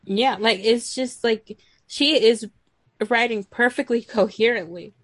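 A woman's voice: fairly high pitch, measured pace, no room sound. Rambling, swearing young woman. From Houston, Texas. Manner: rambling, profane, chatty. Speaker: podcast co-host. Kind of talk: casual chat.

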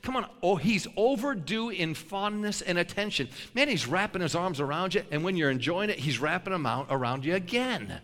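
An older man preaching a sermon, a lively storyteller who laughs between his lines. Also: high-pitched, fairly quick, few pauses, big-room sound.

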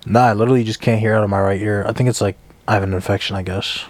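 A man's voice: on the low side, steady tone, racing. A young man in his early twenties co-hosting a podcast, talking in laid-back, slangy banter. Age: 20s. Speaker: podcast co-host. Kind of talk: casual chat. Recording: noisy home podcast recording.

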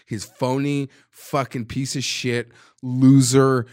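A man co-hosting a sports podcast, ranting in a profane, heated way that swings into shouting. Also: mid-range voice, flat delivery, takes it slowly, faint music behind. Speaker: podcast co-host. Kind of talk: casual sports podcast chat.

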